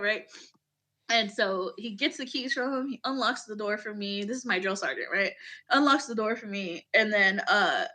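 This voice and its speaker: A woman in her thirties, an Army veteran, telling a personal story in an emotional, animated way, with casual swearing and acted-out quotes. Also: fairly high pitch, a little fast. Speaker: podcast guest, Army veteran.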